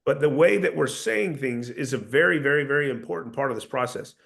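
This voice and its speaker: A man's voice: mid-range voice, lively intonation, a little fast, creaky, a bit bright. A man coaching a sales team in a casual, earnest talk, often restarting his sentences. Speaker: sales trainer.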